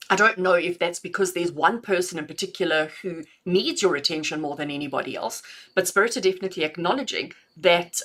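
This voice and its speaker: A middle-aged woman with a bright, clear tone gives intuitive messages on a live stream. She talks in a chatty, affectionate way and laughs easily between readings. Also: lowish voice. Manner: affectionate, chatty, calls listeners "my darling". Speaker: intuitive reader.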